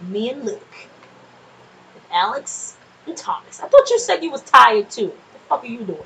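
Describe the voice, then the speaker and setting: A woman casually commenting on her gameplay, chatty and quick to swear, often laughing and talking back to the game's characters. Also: on the high side, sing-song, creaky, fairly bright tone, a little hiss or hum, low-quality recording. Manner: nervous and jumpy in scary moments. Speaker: gameplay streamer. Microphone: desk microphone.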